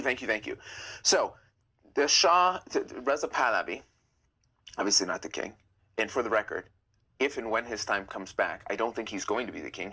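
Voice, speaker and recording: Animated, bright-voiced man chatting live. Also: medium pitch. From United States. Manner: chatty, answers viewer comments on the fly. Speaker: livestream host. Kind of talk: casual live-stream commentary. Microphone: phone or webcam, live stream.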